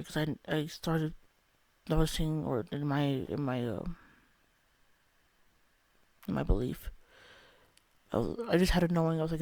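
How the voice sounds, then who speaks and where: A man's voice: fairly high pitch, moderate pace, creaky, long pauses, a little mellow, no room sound. A young man telling a candid, rambling personal story about a spiritual experience, swearing often. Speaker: vlogger.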